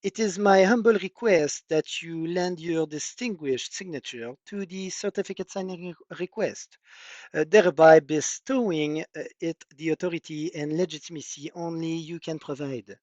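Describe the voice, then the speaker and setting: A man's voice: on the high side, normal speed, a little mellow, no echo, lightly acted. A man voicing a pompous French bourgeois writing a flowery formal letter, with a pushed French accent and hesitant fillers.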